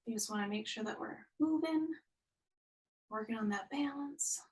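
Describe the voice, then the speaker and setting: A young fitness instructor runs a live online workout class, upbeat and encouraging as she cheers everyone on and counts down each interval. Her voice is a little high and a little mellow at a moderate pace, but she's far from the mic and the audio is poor.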